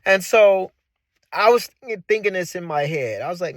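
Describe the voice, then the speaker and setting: A man in his forties telling his own story in a casual, animated way, giving advice and repeating points for emphasis. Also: high voice, normal speed, no echo, studio quality. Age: 40s. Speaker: channel host.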